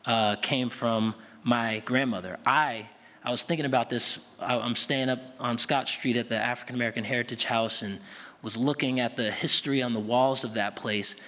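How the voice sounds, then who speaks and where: A man's voice: medium pitch, steady tone, normal speed, bright, forceful tone. A man giving a conversational public talk, often restarting and repeating words. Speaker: guest speaker. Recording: long hall reverb.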